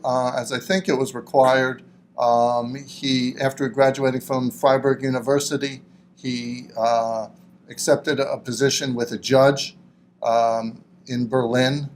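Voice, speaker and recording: A middle-aged man in an oral history interview, speaking reflectively and haltingly with frequent fillers. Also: mid-range voice, slight background noise.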